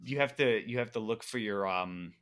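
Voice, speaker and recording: Low, bright-toned co-host. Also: male voice, moderate pace. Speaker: podcast co-host. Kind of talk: casual chat.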